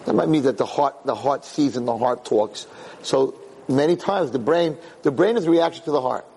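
A middle-aged man, a rabbi, giving a Torah class as an animated storyteller who repeats words as he restarts his sentences. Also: mid-range voice, moderate pace, breathy edge.

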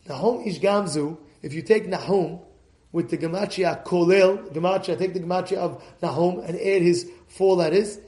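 Animated rabbi with a high voice. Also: male voice, reverberant. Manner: animated, acts out voices, swings between hushed and shouting. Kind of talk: storytelling sermon.

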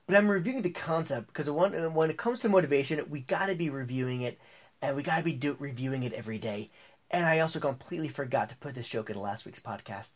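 A man hosting a motivational podcast, talking in an upbeat, chatty way with a few fillers and restarts. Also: medium pitch. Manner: upbeat, reads ads and tells jokes with restarts and fillers. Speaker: podcast host.

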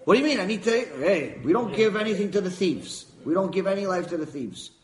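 A man's voice: high-pitched, animated, brisk, reverberant, low-quality recording. Casting: a man putting on a stern, rule-bound guard, firm and scolding. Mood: strict. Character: strict male guard denying food.

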